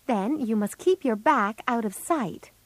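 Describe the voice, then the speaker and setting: A woman's voice: on the high side, a little slow, dry recording, voice pushed up. A woman voicing an eager, fussy teenage girl in a storybook reading. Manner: excited, pleading.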